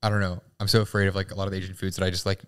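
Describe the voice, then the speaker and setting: Fast-talking low-voiced man, rambling. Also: monotone, clean tone. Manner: rambling, self-deprecating, many "like" fillers. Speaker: podcast co-host. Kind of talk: casual movie podcast chat.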